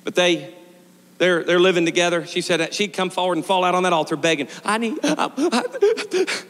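A middle-aged male pastor preaching a storytelling sermon, swinging from shouted peaks to quiet, joking asides. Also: high-pitched, lively intonation, normal speed. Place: church sanctuary. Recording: long church reverb.

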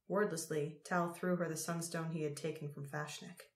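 A woman narrating an audiobook chapter in a measured, unhurried reading. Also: sits low, level tone. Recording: roomy echo.

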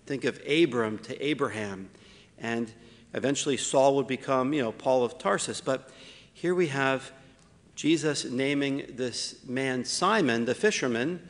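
A man, a priest, preaching a homily with wry asides, slowing down to stress key points. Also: medium pitch, long reverb tail. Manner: slows down for emphasis, wry asides.

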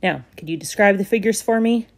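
A woman reading a storybook aloud, voicing a gruff, grumbling old male woodcarver who is curt and dismissive. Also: medium pitch, brisk, lightly acted.

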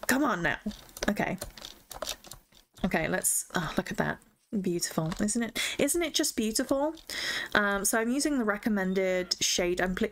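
A young woman gaming streamer chats casually as she plays, gushing over her finds and talking to herself and the in-game animals. Her voice is medium-pitched with a fairly bright tone, and there's slight background noise.

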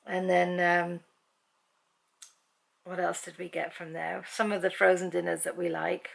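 A woman's voice: lowish voice, little pitch movement, unhurried, creaky. A middle-aged British woman vlogging from home, chatting and rambling through a long story with frequent ums. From Britain. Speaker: family vlogger. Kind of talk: casual chatty vlog. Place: at home in the evening.

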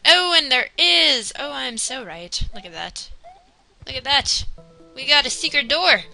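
A young woman giving casual, excitable commentary while playing a video game, talking to herself and the game. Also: sits high, a little slow, gravelly, rough recording. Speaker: let's player. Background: game music.

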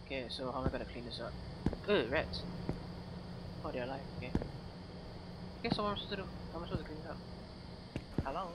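A woman's voice: a bass voice, animated, quick pace, long pauses, heavy background noise. A woman hosting a let's-play, giving joking, sarcastic running commentary. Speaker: gaming channel host. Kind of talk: casual let's-play chat. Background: game music.

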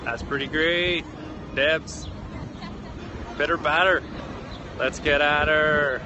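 A man's voice: a little high, fairly even intonation, slow pace, crowd noise. A man sending a jokey, upbeat birthday greeting from outdoors on a boat. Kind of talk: casual spoken message. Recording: dull outdoor recording with wind noise.

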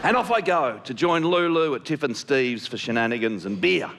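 A man doing stand-up comedy and telling a story in an animated, shouty way. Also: medium pitch, normal speed, a little hiss or hum.

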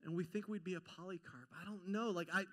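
A male pastor giving an informal, animated sermon to a congregation, acting out quotes and joking at his own expense. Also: high voice, quick pace. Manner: animated and informal, acts out quotes, self-deprecating jokes. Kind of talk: conversational sermon. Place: church sanctuary before a congregation.

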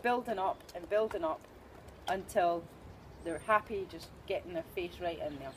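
A woman's voice: fairly low pitch, moderate pace, noisy background. Upbeat Scottish woman explaining dog training. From Scotland. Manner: chatty, upbeat, joking asides. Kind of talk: informal training demonstration.

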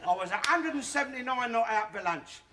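An actor playing a boastful, bigoted old working-class Londoner with a Cockney accent, ranting loudly in a sitcom monologue. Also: male voice, extremely high pitch, lively intonation, a little fast, crowd noise. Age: older. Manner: loud, bragging, ranting. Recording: sitcom recording with loud background noise and audience laughter.

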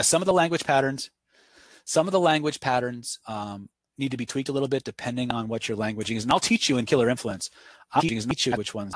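During a live webinar, a male instructor fields viewer questions spontaneously and uses stories to illustrate his points, keeping things conversational. He has a medium-pitched voice, and there is no echo.

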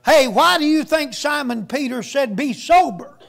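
A man's voice: very high-pitched, lively intonation, normal speed, creaky, fairly bright tone. A man preaching a sermon as a guest preacher, telling a story in a folksy storytelling way.

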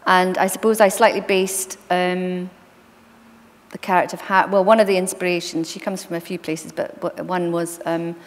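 Chatty author telling anecdotes in a hall. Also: female voice, on the low side, moderate pace. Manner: chatty, anecdotal, lively asides. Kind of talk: onstage conversation. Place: library event hall. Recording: long reverb from a hall.

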